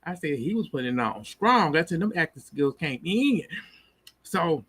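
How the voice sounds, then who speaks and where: A man's voice: a little high, big pitch swings, moderate pace, a bit bright, breathy edge. A man recapping a TV episode in a chatty, casual way, talking straight to his viewers and laughing often. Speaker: TV show reviewer.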